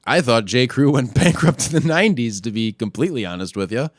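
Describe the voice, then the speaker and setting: A man hosting a podcast, ranting casually and crudely, often pushing his voice louder and higher when worked up. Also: lively intonation, a little fast, dry recording, studio quality. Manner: profane, crude trolling rant. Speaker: podcast host. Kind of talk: casual solo rant.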